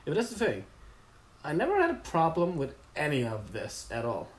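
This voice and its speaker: A man's voice: on the high side, huge pitch swings, a little fast. A man co-hosting a casual comic review, joking sarcastically and swearing often. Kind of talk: casual chat.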